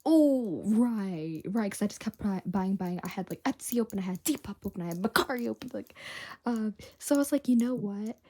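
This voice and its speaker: A young woman vlogging from her bedroom, chatting and unboxing in a rambling, bubbly way, dropping to whispers and jumping to excited squeals. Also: mid-range voice, fairly quick. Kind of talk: casual vlog chat and unboxing.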